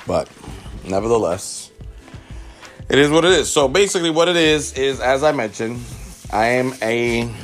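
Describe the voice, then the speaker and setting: A man's voice: medium pitch, animated, normal speed, long pauses, soft background music. A man from the South Bronx hosting a casual podcast, joking and rambling with his mouth full. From South Bronx, New York. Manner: joking, self-mocking, rambling. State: talking with mouth full of potato. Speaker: podcast host, father.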